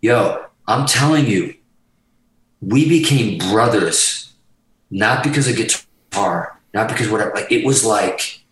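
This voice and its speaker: A man's voice: fairly low pitch, unhurried, reverberant, poor audio. A man telling a rambling road story as a guest in a casual interview, swearing constantly and jumping between thoughts. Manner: animated, profane, rambling. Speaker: guitarist guest.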